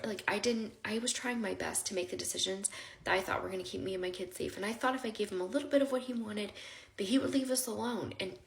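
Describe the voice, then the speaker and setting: A woman's voice: medium pitch, creaky. A woman telling her own story with strong emotion, acting out what people said in raised voices. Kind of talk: personal storytelling. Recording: echoey room.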